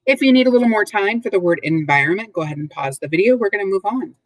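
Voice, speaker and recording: A woman teaching a recorded vocabulary lesson to third graders, speaking slowly and clearly, with call-and-response prompts. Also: medium pitch, lively intonation, no echo, poor audio.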